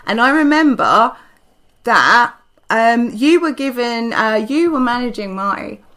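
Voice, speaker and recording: A woman's voice: fairly high pitch, lively intonation, a little slow, fairly bright tone. A young woman, a podcast co-host and wrestler, telling a candid story with heavy swearing and earnest, tumbling restarts.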